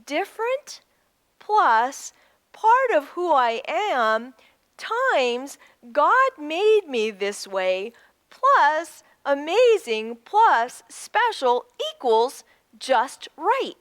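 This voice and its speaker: A woman's voice: high voice, sing-song, extremely slow, a bit bright, no room sound, clean studio sound, full character voice. A woman voicing a helpful little female pig in a storybook, spelling out a cheerful sum step by step. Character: helpful little girl pig doing sums.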